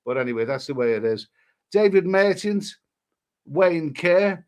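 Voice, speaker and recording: Man host, casual live stream chat, rambling, fairly high voice, reads out viewer names. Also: expressive, measured pace. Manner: rambling, chatty, reads out usernames and messages.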